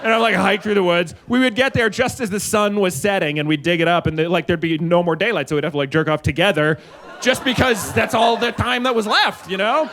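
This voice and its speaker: A man in his forties works through a live stand-up set with a noticeably high voice. He rambles in loose, chatty runs and jumps into shrill, exaggerated quoted lines. He speaks into a handheld mic on stage. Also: fairly quick, fairly bright tone. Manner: loose, rambling delivery with sudden high-pitched acted quotes. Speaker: stand-up comedian. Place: stage at a live comedy show.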